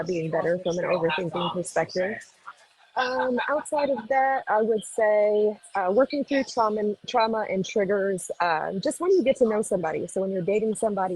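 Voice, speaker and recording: A woman on a dating show answering a question thoughtfully, pausing often with fillers. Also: mid-range voice, darkish tone, husky, poor audio.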